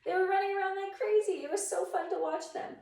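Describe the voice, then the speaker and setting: High-voiced lady doing kids yoga, slow and singsongy, echoey room from far off. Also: steady tone. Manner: gentle, sing-song, playful animal sounds. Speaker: kids' yoga teacher. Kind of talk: guided yoga class for children.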